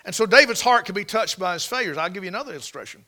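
A man's voice: high-pitched, expressive, racing, sharp tone. A male preacher giving a sermon in an emphatic, folksy way, often asking his listeners questions. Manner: emphatic, folksy, asks the congregation rhetorical questions.

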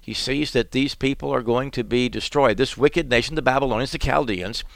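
A man's voice: medium pitch, a little fast, vocal fry, no room sound. A male pastor giving a radio Bible teaching, earnest and plain-spoken, acting out the prophet's words as he explains them.

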